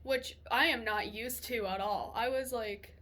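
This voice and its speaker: A young woman vlogger telling a personal story in a chatty, animated way, swearing freely and laughing as she goes. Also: fairly high pitch, unhurried. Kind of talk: casual storytelling to camera.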